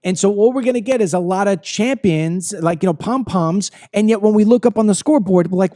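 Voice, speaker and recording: A man's voice: high-pitched, a little fast, few pauses, dark tone. A man hosting a political commentary show, ranting heatedly with frequent profanity and stammering when worked up. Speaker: host.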